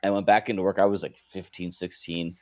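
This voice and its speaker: A man's voice: deep voice, level tone, fairly quick, darkish tone, highs cut off. A man co-hosting a wrestling podcast in casual chat, telling stories with a laugh and plenty of swearing. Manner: laughing, storytelling, profane. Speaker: podcast co-host.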